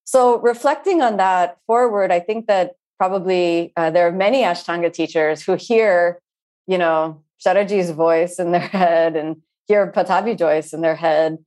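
Yoga teacher lady, kinda low voice, thinking out loud slowly with lots of restarts. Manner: earnest, searching, with many pauses and restarts. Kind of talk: reflective interview talk.

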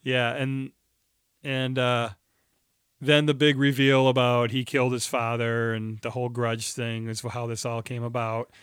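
A man's voice: mid-range voice, flat delivery, measured pace, fairly bright tone, smooth, no room sound, studio quality. A man co-hosting a podcast, joking and laughing as he chats casually about a film. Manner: easygoing, teasing, laughs often. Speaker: podcast co-host. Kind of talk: casual film review chat.

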